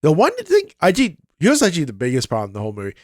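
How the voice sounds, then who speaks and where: Man, slightly high voice, podcast co-host, excitable, halting, fillers, dry recording. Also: dry recording. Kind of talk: casual movie review chat.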